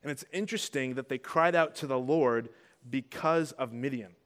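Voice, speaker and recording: A male pastor preaching a casual, conversational sermon, asking rhetorical questions and getting louder to stress his points. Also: medium pitch, moderate pace, smooth. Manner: rises in volume when stressing points.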